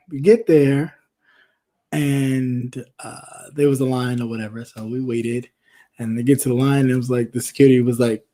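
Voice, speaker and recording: A man in casual chat, telling a story with lively acted-out voices. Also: medium pitch, moderate pace. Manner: animated storyteller, acts out quoted voices. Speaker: co-host.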